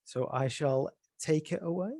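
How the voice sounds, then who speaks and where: A man's voice: fairly high pitch, measured pace, dark tone, dry recording. Male webinar host, upbeat and informal, dry close sound. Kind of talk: hosting a webinar. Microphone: video call.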